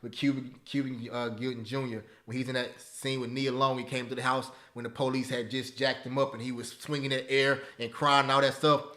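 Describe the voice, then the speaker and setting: Animated, bright-voiced man teaching a webinar. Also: medium pitch, fairly quick, few pauses. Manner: animated and preachy, with repeated phrases and tag questions. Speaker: webinar host teaching stock options. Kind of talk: live webinar talk, motivational.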